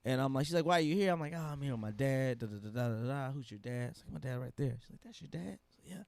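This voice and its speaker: A male podcast co-host races through a rambling comedy story, his delivery trailing into mumbles and then bursting into loud laughter. He's an animated storyteller, recorded with no echo.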